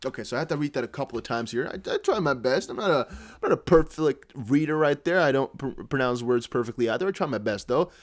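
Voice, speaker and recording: Rambling Dutch-native man, lively pitch. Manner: rambling, halting, restarts while reading. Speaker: crypto news video host. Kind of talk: casual commentary reading posts aloud.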